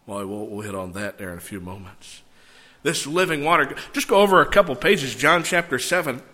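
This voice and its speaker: A man preaching a sermon, reading scripture and breaking into animated, conversational asides. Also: medium pitch, a little fast. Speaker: pastor. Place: church sanctuary. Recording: long church hall reverb.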